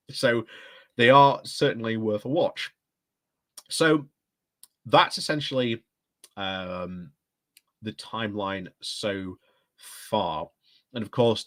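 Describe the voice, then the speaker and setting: A man hosting a casual political commentary vlog, rambling and hedging as he talks. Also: on the low side. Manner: rambling, hedging with lots of ums and "like I say". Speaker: host.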